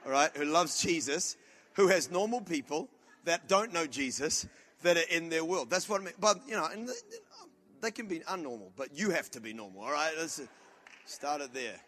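Loud, animated New pastor preaching. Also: male voice, a little high, normal speed. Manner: loud, animated storytelling with comic outbursts. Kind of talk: sermon.

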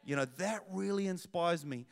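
A man preaching a sermon as pastor, animated storytelling with self-deprecating asides. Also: high voice, normal speed, creaky, smooth, in a large hall.

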